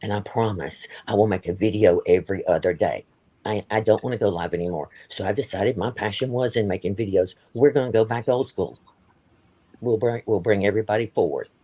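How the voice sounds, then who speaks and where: A man's voice: on the low side, fairly quick, dark tone. A man hosting a livestream, talking in a heated, blunt way, swearing and repeating himself. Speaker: livestream host. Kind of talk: ranting live-stream chat.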